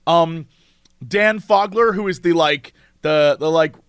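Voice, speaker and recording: A man co-hosting a podcast in casual chat, excitable and rambling with lots of fillers. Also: fairly high pitch, slow, smooth, no echo, clean studio sound. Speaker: podcast co-host.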